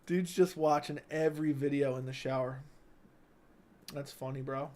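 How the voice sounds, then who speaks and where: A man's voice: mid-range voice, fairly even intonation, normal speed, dark tone. Crude joking man hosting a stream. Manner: crude, joking, teasing chatters. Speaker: livestream host reading chat. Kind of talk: casual livestream chat. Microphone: studio dynamic mic.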